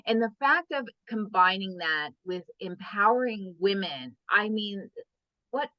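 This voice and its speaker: A woman's voice: medium pitch, animated, unhurried, dry recording. A woman hosting a business-coaching interview, enthusiastic and full of praise. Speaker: host, wealth and business coach. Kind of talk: podcast interview. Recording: dull, dry lo-fi audio.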